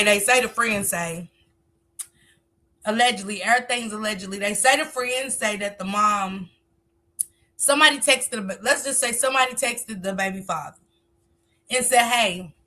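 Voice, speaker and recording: A woman's voice: mid-range voice, bright, forceful tone. A woman hosting a casual live stream, talkative, reading viewer comments aloud and answering them.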